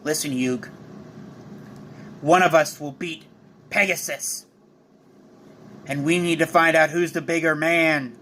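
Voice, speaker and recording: A man voicing a cold, proud young male rival duelist in a fan storybook telling, speaking low and clipped. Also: steady tone, takes it slowly, pauses often, sharp tone, slight background noise. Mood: determined.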